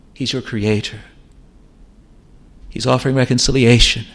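A man's voice: medium pitch, fairly even intonation, takes it slowly, pauses often, fairly bright tone. A male preacher delivering an evangelistic sermon with earnest, pleading appeals.

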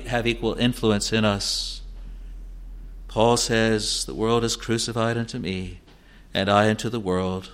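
Man preaching with quiet, earnest emphasis. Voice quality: quotes scripture in old wording, repeats phrases for emphasis. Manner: swings between hushed, low passages and rising, insistent declarations. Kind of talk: expository sermon.

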